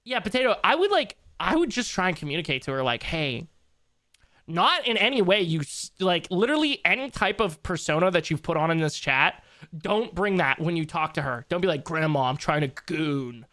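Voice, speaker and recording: A man's voice: sits high, sing-song, brisk, sharp tone. A young man livestreaming, chatting casually with his viewers in a loose, joking, slangy way and laughing easily.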